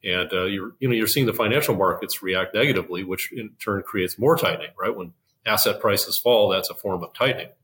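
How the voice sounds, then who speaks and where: An older man, a guest in a finance interview, explaining in a measured way with frequent fillers and restarts. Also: on the low side, fairly bright tone, rough recording. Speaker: investment officer, guest.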